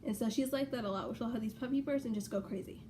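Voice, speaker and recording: A young woman rambling casually in a home vlog, full of fillers and excited asides. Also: on the high side, rapid-fire, a little hiss or hum. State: out of breath. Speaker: vlogger. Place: bedroom at home.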